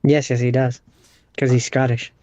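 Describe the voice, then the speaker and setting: A man co-hosting a podcast, reading out film facts haltingly with many fillers. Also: medium pitch, flat delivery, mellow, no room sound, dull audio. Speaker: podcast co-host. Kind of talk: casual movie chat.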